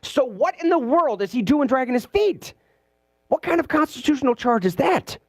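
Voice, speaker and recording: A man hosting a political talk radio show from a studio, animated and sarcastic, mimicking the people he talks about. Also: very high-pitched, normal speed, no echo. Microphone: studio mic.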